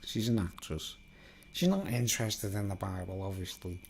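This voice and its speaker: Gravelly man, rambling monologue. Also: low-pitched, moderate pace, slight background noise. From England. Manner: digressive, conspiratorial, seeks agreement constantly. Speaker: vlogger.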